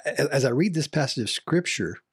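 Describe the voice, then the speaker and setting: A man's voice: medium pitch, expressive, fairly quick, slightly rough, no echo, clean studio sound. A man in a bible study discussion who talks reflectively and leans on certain words for emphasis. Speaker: discussion panelist.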